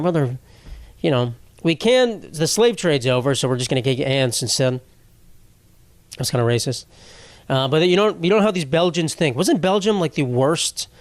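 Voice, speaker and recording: A man's voice: a little high, dry recording. A young man hosting a podcast alone, rambling through stories in a casual, profane comedic monologue. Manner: rambling, profane, self-interrupting. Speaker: podcast host.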